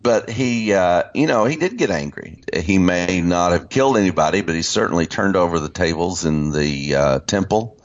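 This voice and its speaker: A man teaching about scripture in an unscripted discussion, speaking haltingly with many fillers and restarts. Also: sits low, expressive. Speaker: Christian teacher. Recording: dull lo-fi sound.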